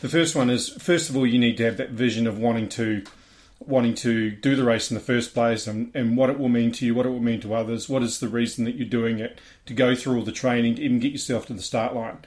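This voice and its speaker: A man's voice: mid-range voice, fairly even intonation, quick pace, a little mellow. A man, a podcast co-host, reflecting thoughtfully in casual chat and repeating words as he forms his ideas.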